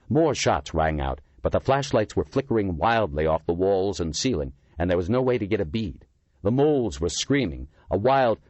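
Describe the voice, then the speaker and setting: A man's voice: sits low, a little mellow, dry recording. A man reading an audiobook as its narrator, telling the story dramatically.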